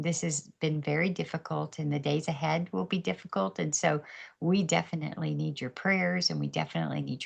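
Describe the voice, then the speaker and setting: A woman's voice: low voice, gravelly. A woman guest on a podcast, telling her story candidly with faith, laughing often and acting out other people's voices, heard over a video call.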